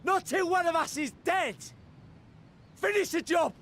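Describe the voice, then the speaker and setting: Defiant young pirate. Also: male voice, very high voice, unhurried, slight background noise, heavily acted. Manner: shouting, defiant. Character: hot-headed young male pirate crewman. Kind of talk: game cutscene voice acting. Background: game music.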